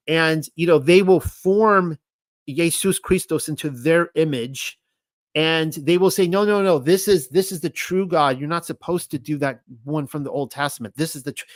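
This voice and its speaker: A man with a slightly high voice gives an informal scripture teaching, reading passages aloud and breaking in with his own comments. He talks with excitable passion. The sound is dry and close, with no room echo. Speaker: Bible teacher.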